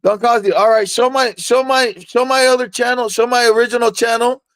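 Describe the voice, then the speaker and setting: A tipsy young man brags and rambles, tripping over his words and repeating himself. His voice sits high and gravelly. The sound is dry and close. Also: fairly even intonation, a little fast, fairly bright tone, no echo. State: tipsy from drinking. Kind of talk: casual rowdy chat.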